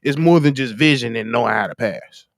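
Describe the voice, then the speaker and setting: A man's voice: mid-range voice, a little fast, no echo, clean studio sound. A young man co-hosting a sports podcast, laid-back and slangy in casual chat, laughing easily. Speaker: podcast co-host.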